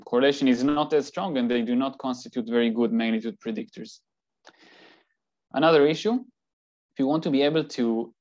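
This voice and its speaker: A man delivers a slide lecture in a calm, explanatory way, pausing now and then on fillers. His voice sits at an ordinary middle pitch. The recording is a little dull and lo-fi. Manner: measured, explanatory, occasional fillers. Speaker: seismology lecturer. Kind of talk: academic talk with slides.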